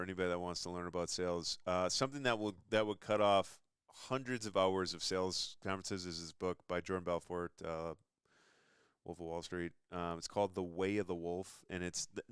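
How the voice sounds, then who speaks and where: A man's voice: sits low, clear, resonant tone, dry recording, clean studio sound. A young man hosting a casual interview chat, talking enthusiastically and rambling between points. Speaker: show host.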